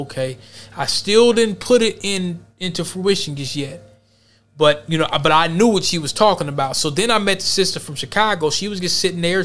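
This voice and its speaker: A man's voice: fairly high pitch, fairly bright tone. A man hosting a podcast, telling a workplace story in loose, rambling street slang. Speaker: podcast host. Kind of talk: casual commentary and storytelling.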